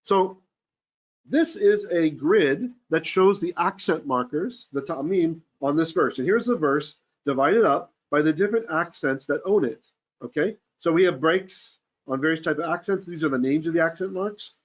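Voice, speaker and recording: A man's voice: a little high, normal speed. A man teaching a verse-by-verse Torah class, reading Hebrew aloud and then explaining it eagerly, often checking in with his listeners.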